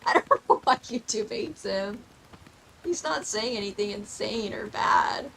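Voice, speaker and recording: A woman's voice: mid-range voice, lively intonation, unhurried, gravelly, fairly bright tone, slight background noise, poor audio. A young woman streaming a game, chatting casually and playfully, laughing often and dropping mock-old-fashioned asides. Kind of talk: casual gameplay commentary.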